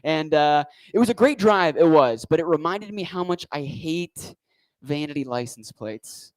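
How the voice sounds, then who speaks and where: A man's voice: on the high side, lively intonation, unhurried, no echo, rough recording. A man doing a stand-up comedy set on a club stage, talking into a handheld mic with a wry, rambling delivery.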